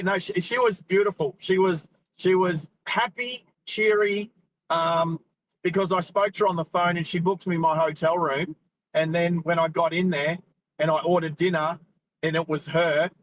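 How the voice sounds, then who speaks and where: Chatty high-voiced Australian man driving. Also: a bit bright, slight background noise, low-quality recording. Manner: chatty, rambling, laughs often. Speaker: host. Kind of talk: casual chat while driving live stream. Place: inside a car.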